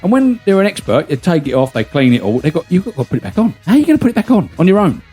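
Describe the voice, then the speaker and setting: A man's voice: sits high, huge pitch swings, rapid-fire, dark tone, breathy edge, soft background music. A man hosts a podcast, telling a long anecdote in casual chat, swearing freely and laughing as he goes. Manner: chatty, swears freely, laughs through his stories. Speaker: podcast host.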